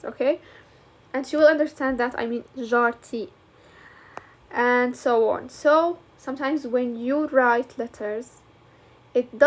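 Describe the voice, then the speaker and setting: A woman teacher walks through a lesson step by step. She talks in a fairly high voice. She moves easily between English and colloquial as she explains. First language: Arabic.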